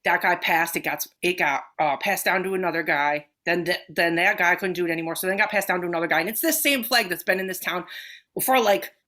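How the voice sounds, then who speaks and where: A woman co-hosting a podcast, telling a long story in a casual, animated way, swearing often and acting out the people she quotes. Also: fairly low pitch, fast. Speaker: podcast co-host.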